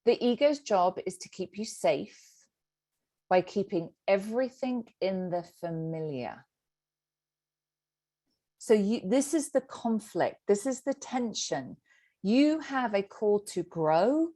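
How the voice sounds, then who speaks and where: A woman's voice: mid-range voice, takes it slowly. A middle-aged woman, a sobriety coach teaching a group session and acting out the inner voice. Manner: animated, acts out inner voices.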